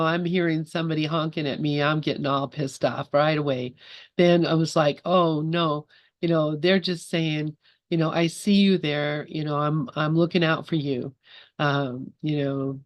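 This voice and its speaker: A man's voice: on the high side, no echo. A man hosting an online study group, talking in a rambling way with many fillers. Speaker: group host. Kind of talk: casual group discussion.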